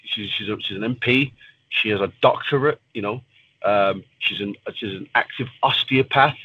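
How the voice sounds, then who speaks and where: A man's voice: lowish voice, normal speed, bright, forceful tone, a little hiss or hum, rough recording. A man, a professional fighter, talking casually and bluntly in an interview and swearing freely. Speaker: pro fighter guest.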